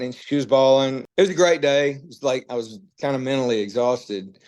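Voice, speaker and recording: A middle-aged man speaks at an everyday pitch as a guest in an interview. His storytelling is candid and rambling, and he slips into the voices of the people he quotes. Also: moderate pace, few pauses. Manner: relaxed, rambling, tells stories with quoted dialogue.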